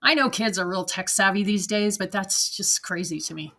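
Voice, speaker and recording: Blunt, bright-voiced Gen X woman. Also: mid-range voice, normal speed. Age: 40s to 50s. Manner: blunt, profane, laughing rants. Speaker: reaction video host. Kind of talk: reading and reacting to online posts. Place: at a desk at home.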